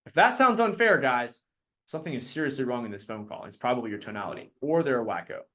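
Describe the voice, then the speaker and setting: A man leading a live sales training talk, energetic and quick to act out his clients in put-on voices. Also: mid-range voice.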